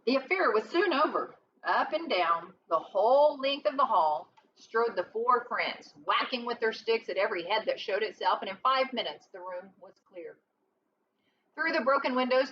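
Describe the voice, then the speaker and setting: A woman's voice: a little high, fairly bright tone. A woman reading a storybook aloud expressively, adding short asides of her own. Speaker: reader. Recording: dull lo-fi with faint hiss.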